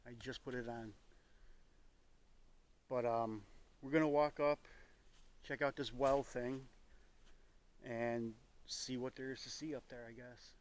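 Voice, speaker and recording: A man's voice: medium pitch, steady tone, takes it slowly, long pauses. A man narrating his own paranormal investigation outdoors in the woods. He talks in a nervous, rambling way, stumbling and circling back over details. His voice is recorded on a handheld microphone out in the open. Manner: nervous, rambling, self-correcting. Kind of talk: solo outdoor vlog narration. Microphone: microphone with a phone beside it.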